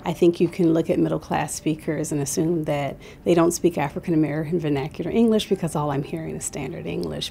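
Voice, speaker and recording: Articulate, calm female interviewee with a gravelly lowish voice.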